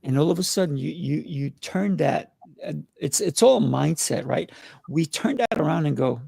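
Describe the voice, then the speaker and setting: A man's voice: a little high, animated, normal speed, vocal fry, dark tone, slightly rough, dry recording, clean studio sound. A man hosting a casual conversation, coaching with rhetorical questions. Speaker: host.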